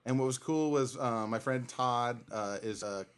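A man's voice: mid-range voice, a little slow, smooth. A man telling a rambling story in casual podcast chat, swearing freely and acting out what people said. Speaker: podcast co-host.

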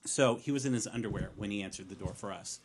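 Low-voiced chatty male podcast host. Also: fast talker, slight background noise. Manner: chatty, laughs often, trails off with fillers. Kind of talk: casual chat.

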